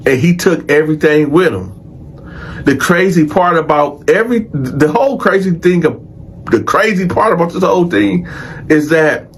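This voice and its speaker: A man casually telling a story in an animated, profane way and acting out other people's voices. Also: fairly high pitch, slight background noise. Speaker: storyteller, show host.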